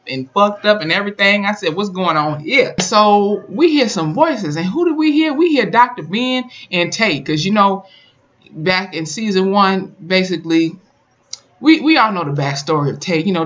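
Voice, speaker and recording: Recorded on a camera mic with a muffled sound, this YouTuber has a medium-pitched, slightly bright voice. They recap and review a TV episode casually and colloquially, telling the story with plenty of emphasis.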